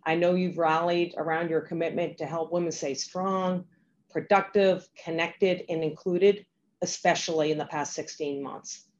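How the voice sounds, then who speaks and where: A woman giving a grateful, measured acceptance speech as an award honoree. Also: on the low side, fairly even intonation. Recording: dull lo-fi with faint noise.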